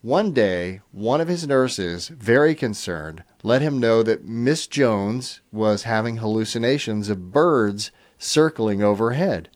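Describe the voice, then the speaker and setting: A man's voice: lowish voice, slow pace, few pauses. A middle-aged man hosting a radio call-in show, reading listener stories aloud with chuckles and easy fillers. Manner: chuckling, relaxed storytelling with fillers. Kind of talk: reading listener comments on air.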